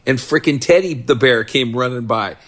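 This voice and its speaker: A man's voice: medium pitch, moderate pace, fairly bright tone. A middle-aged man co-hosting a podcast, chatting casually with dry, laid-back remarks. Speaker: podcast co-host. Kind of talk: casual chat.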